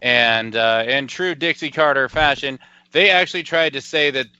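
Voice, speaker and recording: A man's voice: medium pitch, moderate pace, sharp tone, smooth, muffled recording. A man co-hosting a casual podcast, ranting with lots of swearing. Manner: profane, ranting. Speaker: podcast co-host. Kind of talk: casual wrestling talk.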